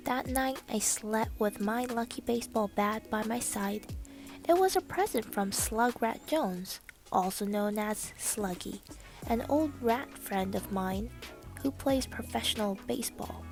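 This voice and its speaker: Slow, expressive woman reading a storybook. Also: fairly high pitch. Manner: slow, expressive storytelling with soft hushed passages. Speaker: reader. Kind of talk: reading a children's book aloud.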